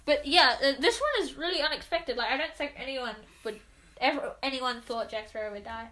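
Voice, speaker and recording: A woman's voice: high-pitched, lively intonation, brisk, a bit bright, a little hiss or hum. A woman hosting a casual vlog, chatting in a giggly, rambling, playful way. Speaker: vlog host. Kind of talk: casual chat.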